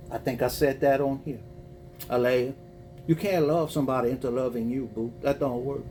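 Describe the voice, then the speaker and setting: At home and packing for a move, a Cajun-accented man hosts a relaxed spiritual reading livestream, reading viewer messages out loud and calling people boo in a chatty, folksy manner. He speaks at medium pitch with a steady, mellow tone and moderate pace, over slight background noise.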